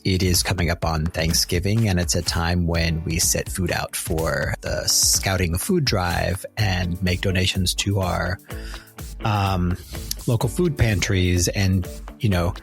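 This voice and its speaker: A man hosting an interview podcast, speaking earnestly and chattily with some fillers. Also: deep voice. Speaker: podcast host.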